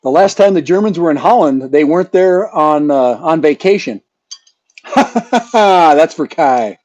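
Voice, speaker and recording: A man's voice: on the high side, expressive, normal speed, a little mellow, no room sound. A man hosting his channel in a casual live chat, rambling and joking with a chuckle. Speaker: channel host. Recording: dull lo-fi sound.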